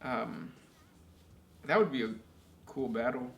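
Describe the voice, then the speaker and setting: A man's voice: mid-range voice, takes it slowly, vocal fry. A man co-hosting a casual chat and reading out listener questions in an easygoing way with many fillers. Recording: echoey room with faint noise.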